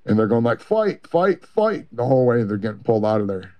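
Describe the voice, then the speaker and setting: A man giving a long, rambling personal account in an interview, halting with many fillers and restarts. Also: lowish voice, fairly even intonation. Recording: muffled lo-fi recording.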